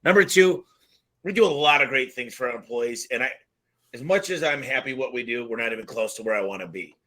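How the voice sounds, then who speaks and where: A man talking casually and forcefully on a business roundtable over a video call, punching his points with bursts of emphasis. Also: mid-range voice, brisk, rough recording. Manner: animated, punchy, rising for emphasis. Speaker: home service business owner and podcast regular.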